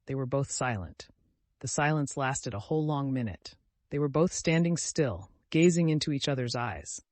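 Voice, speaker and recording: A man reading a classic novel aloud as an audiobook narrator, in a measured storytelling manner. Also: mid-range voice, expressive, no echo.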